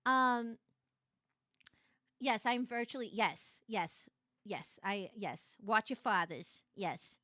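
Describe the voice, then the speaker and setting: Chatty bright-voiced young woman streamer. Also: fairly high pitch, slow pace, dry recording, studio quality. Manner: chatty, filler-heavy, giggly, bursts into shrieks. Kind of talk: casual chat with viewers.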